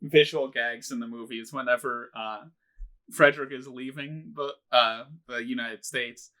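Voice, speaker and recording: A man's voice: medium pitch, moderate pace. A young man co-hosting a podcast, casually giving his take on a film's jokes and scenes. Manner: relaxed, critical, with fillers and restarts while recalling scenes. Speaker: podcast co-host. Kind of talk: casual movie discussion.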